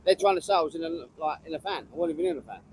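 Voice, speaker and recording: A man telling an indignant story in a fast, animated street interview outdoors. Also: on the high side, breathy edge, poor audio. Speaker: guest, fellow online streamer.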